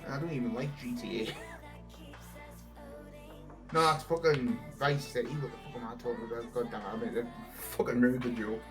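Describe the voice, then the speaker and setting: A man's voice: mid-range voice, fairly even intonation, moderate pace, pauses often, music in the background. A young man chatting casually on a stream, rambling through stories and swearing often. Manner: rambling, swears a lot, laughs at his own stories.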